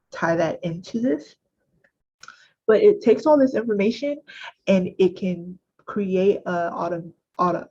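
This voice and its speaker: A woman trainer takes her time through a weekly software tutorial, circling back and correcting herself as she goes. Her speech is slow and loose. The sound is dull and lo-fi, like a laptop mic on a call. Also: mid-range voice. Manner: chatty, self-correcting, many fillers. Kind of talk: screen-share tutorial.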